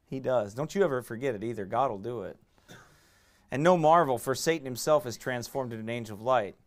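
A middle-aged pastor, preaching a sermon in fiery, emphatic bursts that swing from quiet asides to raised shouts. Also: male voice, mid-range voice, brisk.

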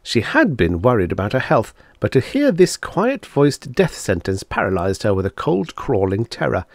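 A man narrating a vintage science fiction story with expressive storytelling delivery. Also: medium pitch, moderate pace, no echo, clean studio sound. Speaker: audiobook narrator. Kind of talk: scripted narration.

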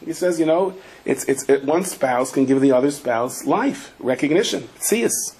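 A man, a rabbi, giving a Torah class in a lively anecdotal storytelling manner. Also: medium pitch, brisk.

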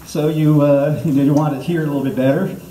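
A man playing a comedic language teacher runs a jokey mock lesson, rambling and self-interrupting, peppering it with okays. His voice is a little high and warm, quick, with fairly even intonation. Recorded through a distant mic in an echoey room, there's a little hiss or hum.

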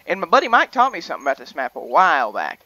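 A young man hosts a gaming video, rambling chattily through casual commentary on a hunting game and often correcting himself mid-sentence. His voice is a little high, with huge pitch swings, and it comes out racing, pushed, and bright. The recording is dry and muffled.

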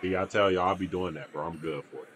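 A man's voice: deep voice, steady tone, quick pace, a bit bright, slight background noise. A young man giving casual, slangy reaction commentary on a basketball video, with mumbled asides. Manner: laid-back slangy banter, mumbles asides.

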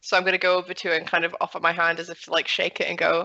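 A woman at a tabletop role-play session, rambling and restarting sentences as she bluffs in character. Her voice is bright and forward. The recording is dull and lo-fi with dry sound. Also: on the low side, monotone, racing, gravelly, dry recording. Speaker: player.

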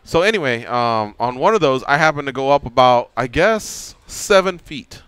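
A man's voice: mid-range voice, moderate pace, smooth, no echo. A middle-aged man hosting a radio show, telling a story casually and acting out the quotes. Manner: animated storyteller, acts out quotes.

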